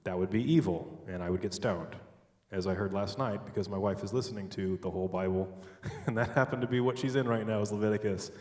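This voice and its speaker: A man giving a sermon-style talk on logic, animated and joking, with sudden loud stresses. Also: on the low side, fairly quick, distant mic. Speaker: speaker at a church. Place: large church hall. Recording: echoey hall, picked up from afar.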